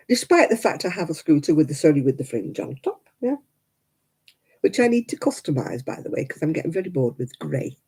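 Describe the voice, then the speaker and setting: A woman's voice: sits low, big pitch swings, moderate pace, long pauses, mellow, slightly rough. An older woman chatting casually with viewers on a crafting livestream, rambling and laughing often. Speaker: livestream host. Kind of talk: casual live-chat crafting stream.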